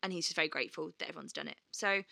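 A woman's voice: deep voice, very fast, vocal fry, pushed and bright, no echo. A woman co-hosting a podcast, telling stories animatedly and swearing freely as she acts out quotes. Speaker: podcast co-host. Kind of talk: casual chat.

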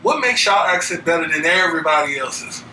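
A man's voice: on the high side, brisk. Host: joking male interviewer, echoey and noisy from far off. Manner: relaxed, joking, curious questions. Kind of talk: casual interview chat.

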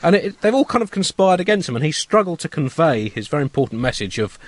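A man's voice: on the high side, sing-song, fast talker, dry recording. A man co-hosting a satirical comedy podcast, riffing absurdly and rambling through restarts. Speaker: co-host.

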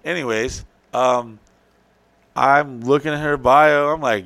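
A man's voice: medium pitch, steady tone, slow, gravelly, a bit bright, no echo. A man on a podcast telling a rambling, profane story in casual banter. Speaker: podcast co-host.

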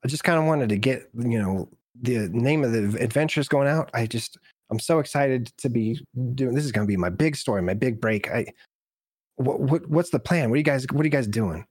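A man's voice: medium pitch, animated, a little mellow, husky, no room sound. Man doing Eliza, a stammering halfling reporter. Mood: gushing. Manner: stammering, rushed and gushing. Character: eager, rambling halfling woman reporter.

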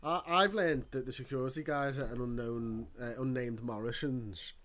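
A man telling a story in casual chat, animated and ranting, swearing often. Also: mid-range voice, moderate pace.

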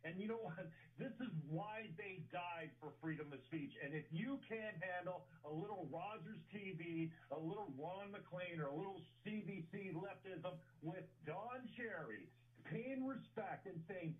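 Male radio caller, fairly high voice, heated call-in rant, argumentative, emphatic. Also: narrow, tinny audio. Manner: argumentative, emphatic, rapid-fire.

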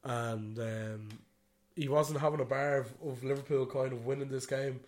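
Swearing freely and leaning on "you know what I mean," an Irish podcast co-host wanders through a story during relaxed chat. His mid-range voice is steady and darkish, at a normal speed.

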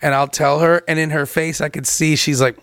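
Man, podcast co-host, high voice, dry close sound, rambling anecdotes with acted-out quotes. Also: level tone, fairly quick, a bit bright, no room sound. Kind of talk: casual chat before a live audience.

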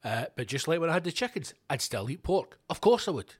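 A middle-aged Scottish man ranting on his own show, his voice sitting a bit higher than most men's. He swears freely and drifts from tangent to tangent. He tells his stories with lively, animated energy. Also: fairly quick, slightly rough. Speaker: podcast host. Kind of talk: casual solo rant.

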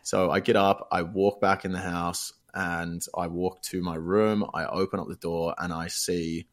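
A man's voice: sits low, level tone, unhurried. A young Australian man telling a long story in a casual chat, rambling and swearing freely.

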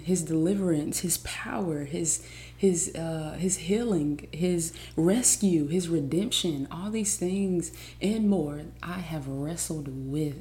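Low, mellow-voiced woman podcast host. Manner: energetic, exclamatory, chatty with fillers. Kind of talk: faith podcast teaching. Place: home studio on camera.

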